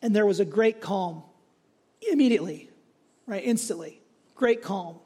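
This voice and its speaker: A male pastor preaching a sermon in a conversational, animated way, often checking in with "right?". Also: high-pitched, moderate pace, breathy edge.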